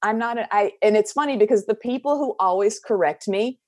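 A woman's voice: mid-range voice, fairly quick, darkish tone, dry recording, clean studio sound. A woman from the southern United States with a Southern accent, a podcast guest talking casually and candidly, laughing often and trailing off into fillers.

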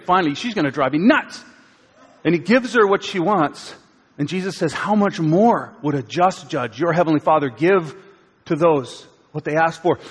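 A man preaching a sermon as pastor, conversational, swinging from loud acted quotes to hushed lines. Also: fairly high pitch, breathy edge. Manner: conversational, dramatic shifts between loud and hushed. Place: church auditorium. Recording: long reverb of a church hall.

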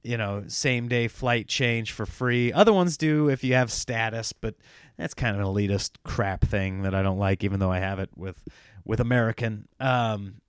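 A man's voice: fairly low pitch, normal speed, smooth, dry recording, studio quality. Rambling self-mocking male podcast host. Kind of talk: casual solo podcast chat.

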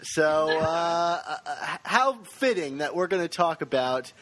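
A man hosts a relaxed podcast and keeps poking fun at the others. His voice sits a little high for a man. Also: slow pace. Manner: joking, mock-provocative banter. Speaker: podcast host. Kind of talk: casual podcast chat.

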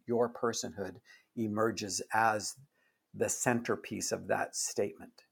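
Gravelly, husky older man, earnest. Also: on the low side, steady tone. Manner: earnest, halting storytelling, often dropping soft. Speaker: author guest. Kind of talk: reflective interview talk.

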